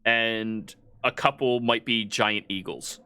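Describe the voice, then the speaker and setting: A man runs a tabletop game as game master, and his voice is bright and forceful. He narrates in a halting way, full of fillers. Faint room noise sits behind him. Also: lowish voice, fairly even intonation.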